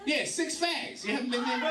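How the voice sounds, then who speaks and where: Doing profane crowd work in a bar comedy club, this man laughs as he delivers his lines in an extremely high, very noisy voice. It's recorded from far back in an echoey room full of people.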